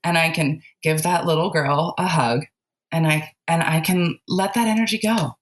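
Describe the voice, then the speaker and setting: A podcast guest with a low-pitched voice tells a childhood story at a moderate pace during a casual chat about spirituality. She laughs often and leans heavily on filler words.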